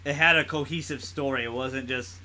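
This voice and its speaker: Bright-voiced young man chatting casually. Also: medium pitch, steady tone, brisk. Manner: rambling, laughs often, swears. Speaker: podcast co-host. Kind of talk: casual movie chat.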